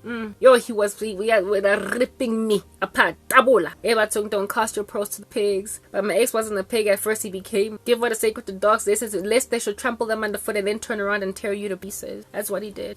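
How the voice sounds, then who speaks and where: A young South African woman vlogging, telling a personal story in an animated way and mixing in local words. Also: mid-range voice, no echo. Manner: animated, mixes English with Sesotho and Zulu words. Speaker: Christian vlogger. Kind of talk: emotional storytelling.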